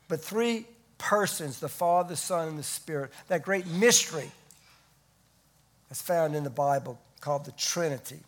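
Animated, slow-paced preaching man. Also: high-pitched. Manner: emphatic, swinging between loud stresses and hushed asides. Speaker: pastor. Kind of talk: sermon.

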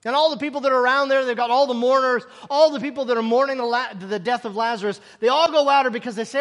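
A man's voice: very high-pitched, fast, few pauses, a bit bright, big-room sound. A man preaching a sermon, acting out scripture scenes and asking rhetorical questions.

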